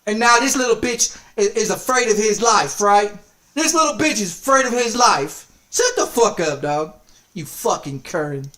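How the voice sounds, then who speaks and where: A man's voice: sits high, lively intonation, normal speed, pushed and bright. Man, game streamer, angry rant, nonstop cursing, threatening, repetitive.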